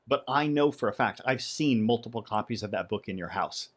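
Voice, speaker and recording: A man is co-hosting a podcast in a studio, with a voice of ordinary pitch. he talks in a playful, chatty way. he often stammers a little as he starts a sentence. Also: brisk. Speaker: podcast co-host. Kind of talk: casual podcast chat.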